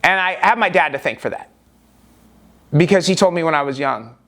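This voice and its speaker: A man's voice: fairly high pitch, expressive, brisk, a bit bright. A man telling a personal story in a vlog, rambling and emphatic with frequent restarts. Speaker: vlogger.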